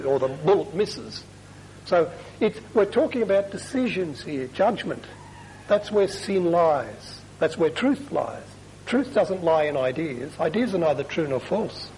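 Priest guy giving a talk, chatty, keeps throwing in asides, a bit higher voice, faint hum of the room behind. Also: darkish tone, low-quality recording. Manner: chatty, self-deprecating, emphatic asides. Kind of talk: talk to a parish group.

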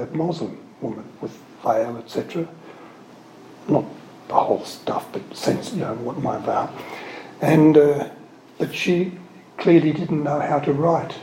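Mellow man telling rambling faith stories. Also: on the high side, slight background noise. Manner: rambling, digressive storytelling with frequent self-corrections; earnest, openly emotional about his subject. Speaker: Catholic religious speaker giving a spiritual talk. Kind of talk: anecdotal spiritual talk. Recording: roomy echo with faint ambience.

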